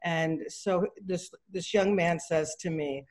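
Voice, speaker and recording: A woman's voice: lowish voice, fairly even intonation, slow, a little mellow. Chatty middle-aged woman telling a story. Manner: chatty, acts out quoted dialogue, many fillers and restarts. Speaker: artist giving a talk. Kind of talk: casual anecdotal storytelling. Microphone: video call.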